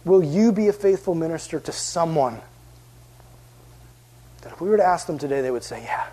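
A young adult man giving a youth sermon in a lively storytelling way, acting out voices and sometimes dropping almost to a whisper. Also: on the high side, moderate pace, long pauses, a little hiss or hum, low-quality recording. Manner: animated storyteller, acts out voices, drops to near whisper. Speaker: youth pastor.

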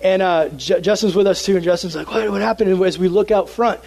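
A young man preaching to a youth group, telling a story with lively, animated energy. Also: high-pitched, fairly quick, low-quality recording. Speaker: youth pastor. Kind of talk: sermon with a personal story.

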